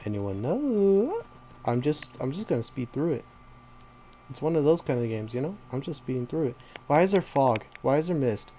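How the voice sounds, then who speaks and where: A horror game player narrates their run, jumpy and full of slang. They chat to the monsters chasing them and break into panicked strings of repeated shouts. The voice sits in a middle range, with a faint hiss behind it. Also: mid-range voice, big pitch swings, moderate pace. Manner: bursts into panicked repeated screams. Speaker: gamer playing a horror game. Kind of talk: horror gameplay commentary.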